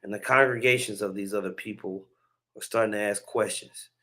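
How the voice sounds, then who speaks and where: A man's voice: on the low side, fairly even intonation, fairly quick, pushed and bright. Chuckling preachy man commentating. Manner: chatty and preachy, chuckling asides. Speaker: religious commentary host. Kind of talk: casual commentary on video clips.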